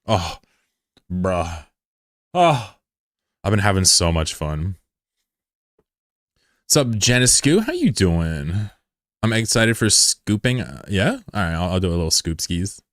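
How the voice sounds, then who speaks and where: Deep-voiced young man bantering on stream. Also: very animated, a little slow, pauses often, a bit bright, no echo, clean studio sound. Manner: loose, profane, joking banter. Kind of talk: casual live-stream chat.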